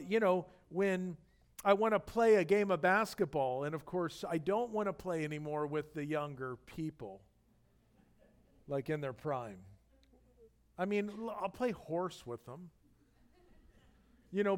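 This middle-aged pastor has a high voice and preaches his sermon like an animated storyteller, chatting with the audience and dropping in jokes and asides.

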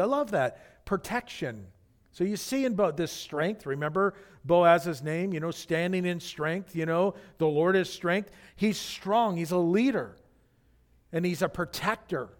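A man's voice: sits high, animated, measured pace. A man, the senior pastor, preaching a conversational sermon full of fillers and restarts.

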